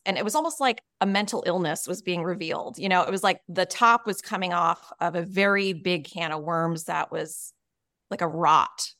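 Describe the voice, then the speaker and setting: In a podcast interview, an author and coach shares a personal story earnestly and frankly, leaning heavily on fillers like "you know" and "like." Her voice is on the low side with a fairly bright tone, and the recording is studio quality without echo.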